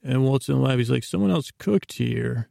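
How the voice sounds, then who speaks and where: A man hosting a sleep podcast, who retells a TV episode in a slow, meandering way with lots of fillers. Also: medium pitch, expressive, gravelly, dark tone, dry recording, clean studio sound. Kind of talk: rambling episode recap.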